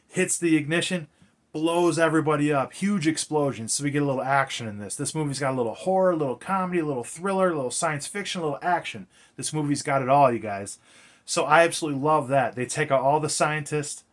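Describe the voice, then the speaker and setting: A man recaps a film in loose, casual talk, sprinkling in swears and lots of filler words. His voice sits a little on the high side for a man. He rambles from scene to scene with easy enthusiasm. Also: fairly bright tone. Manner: rambling, profane, filler-heavy. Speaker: movie reviewer.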